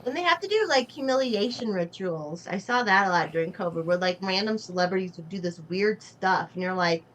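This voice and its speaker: A woman's voice: mid-range voice, animated, a little fast, fairly bright tone, slight background noise. A woman guest on a comedy talk show, ranting in an exasperated way full of "like"s. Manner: exasperated, filler-heavy ranting. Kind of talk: crude comedic chat.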